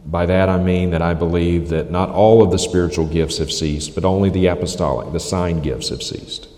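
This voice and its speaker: A man's voice: low-pitched, steady tone, moderate pace, warm tone. A man preaching a critical sermon, emphatic and repeating phrases for stress. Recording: echoey hall reverb.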